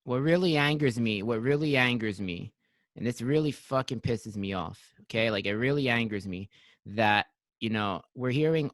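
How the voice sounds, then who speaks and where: A man's voice: medium pitch, normal speed, a bit bright, no room sound. A man in his thirties hosting a podcast, emphatic and repeating himself, with many "like" fillers. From Quebec. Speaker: podcast host. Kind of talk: casual chat.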